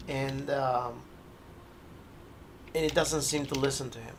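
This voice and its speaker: A man narrating a tabletop horror game as game master, telling the scene slowly with hesitant restarts. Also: fairly high pitch, vocal fry, noisy background. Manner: slow, hesitant storytelling.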